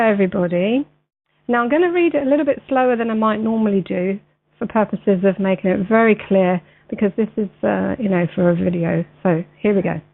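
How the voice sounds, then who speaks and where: A woman's voice: mid-range voice, gravelly. Hesitant woman hosting on a tinny line. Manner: hesitant, many ums and uhs. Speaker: radio show host. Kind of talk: casual radio hosting and slow reading. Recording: tinny phone-line sound.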